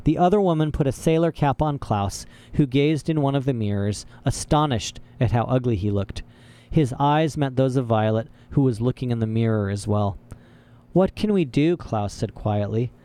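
A man reading an audiobook aloud as narrator, in steady, even storytelling. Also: mid-range voice, normal speed, smooth. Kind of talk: scripted narration.

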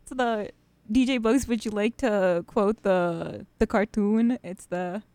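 A young woman chats loosely between songs on a college radio show, full of fillers and easy laughs. Her voice is smooth and resonant. The studio sound is dry and close. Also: mid-range voice, takes it slowly, darkish tone, dry recording. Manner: chatty, rambling, laughs often, many fillers.

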